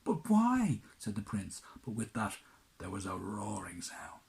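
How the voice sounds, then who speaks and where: A man tells a children's tale in a low, hushed voice. He builds drama by dropping into whispers and then rising for the big moments. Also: flat delivery, measured pace, gravelly, low-quality recording. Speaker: storyteller. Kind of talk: children's storytelling.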